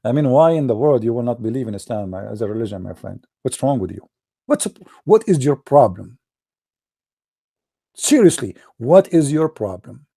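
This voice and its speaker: Male debate streamer: sarcastic, mocking, lively intonation, warm low tone, dry close sound. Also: normal speed, creaky, slightly rough. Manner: mocking, sarcastic, dramatic hushed asides. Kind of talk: livestream commentary.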